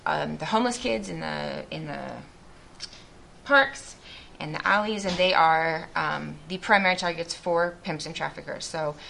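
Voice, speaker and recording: Earnest low-voiced woman giving a testimony. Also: a little slow, gravelly, pushed and bright, slight background noise. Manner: earnest and reflective, with frequent restarts. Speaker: missionary speaker. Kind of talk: faith testimony talk to a group.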